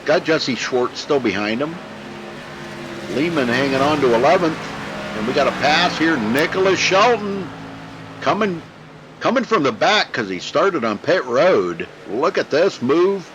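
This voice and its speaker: A man's voice: a little high, animated, measured pace, background noise. A man calling a sim race as play-by-play commentator, folksy and chatty. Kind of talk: sim racing broadcast commentary.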